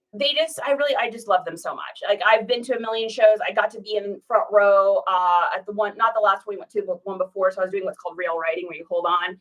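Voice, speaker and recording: In a rough recording from a distant mic, a woman in her forties from Washington State talks in a mid-range, fairly bright voice. An online reseller host, she rambles casually while packing orders and now and then stops to talk to her pet.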